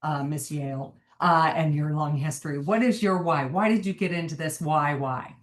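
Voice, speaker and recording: A woman's voice: sits low, normal speed. A woman hosting a panel, asking the guests questions with enthusiasm. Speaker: host. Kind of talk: moderating a panel.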